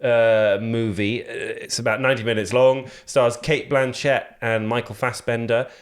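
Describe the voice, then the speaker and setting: A man's voice: medium pitch, steady tone, normal speed. A man hosting a podcast, rambling casually with lots of fillers and restarts. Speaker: podcast host. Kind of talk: casual chat.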